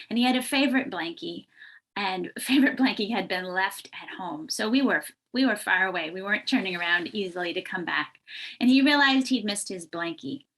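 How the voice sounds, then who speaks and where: A woman's voice: medium pitch, a bit bright. A woman who writes children's books, giving an earnest online summit talk on early literacy with many ums and little stories. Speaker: children's book author, guest speaker.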